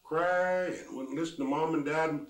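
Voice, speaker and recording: An older man from the Pacific Northwest telling a folk tale in a lively, folksy way with exclamations. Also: on the high side, moderate pace. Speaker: storyteller. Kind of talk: oral storytelling. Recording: roomy, mic at a distance.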